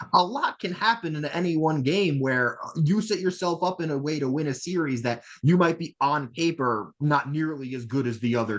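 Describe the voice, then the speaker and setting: A man co-hosting a podcast who asks long, winding questions. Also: medium pitch. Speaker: podcast co-host. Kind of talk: casual podcast interview.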